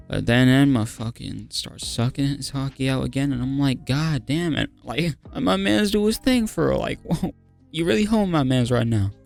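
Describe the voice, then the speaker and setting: A man's voice: medium pitch, creaky, a little mellow, clear, resonant tone. A young man recapping a manga chapter in casual, slang-heavy talk, hyped and laughing often, saying "bro" constantly. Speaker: manga review host.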